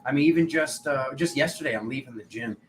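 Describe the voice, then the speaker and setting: A man's voice: mid-range voice, quick pace, crowd noise, poor audio. A young man giving a spiritual tarot reading, rambling and acting out the voices of people in his stories. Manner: rambling, acts out quoted voices. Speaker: tarot reader.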